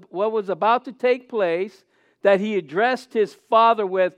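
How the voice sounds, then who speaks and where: A middle-aged man preaching a sermon as pastor, earnest with halting restarts, rising to loud cries. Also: sits high, no echo, lo-fi sound.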